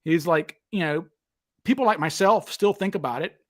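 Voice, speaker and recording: A man with a high voice hosts a relaxed talk show. He tells stories eagerly and jumps into other people's voices when he quotes them. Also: normal speed. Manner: animated, acts out quotes with raised voice. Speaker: podcast host. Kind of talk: casual storytelling chat.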